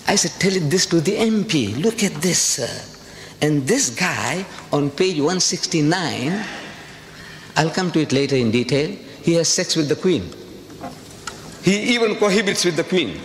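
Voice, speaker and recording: A man's voice: on the high side, animated, measured pace. A man from South Africa giving a public lecture, talking emphatically with repeated rhetorical questions. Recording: reverberant hall with faint ambient noise.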